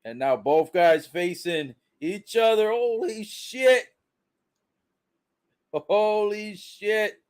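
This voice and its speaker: Excitable high-voiced man calling wrestling live. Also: very slow. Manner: excitable, swears often, exclaims repeatedly. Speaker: live reaction commentator. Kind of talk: excited play-by-play reaction.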